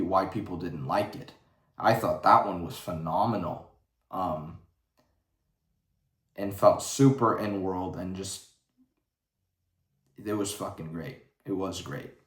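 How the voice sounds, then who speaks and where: A man giving a casual livestream rant in a blunt, profane, rambling way. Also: low voice. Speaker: vlogger. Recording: roomy echo.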